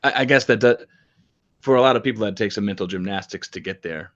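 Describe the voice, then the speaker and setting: Low-voiced man on dull lo-fi audio. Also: fast talker, a bit bright. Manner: thoughtful, searching, rambling. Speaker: podcast host. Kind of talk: interview conversation.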